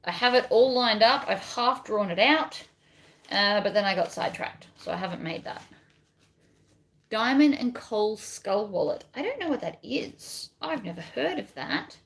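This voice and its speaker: Between steps of sewing a bag on her livestream, a bag pattern designer rambles, reads viewer comments and chats casually about the craft. She sounds animated and speaks at a normal pace in a mid-range, creaky, fairly bright voice.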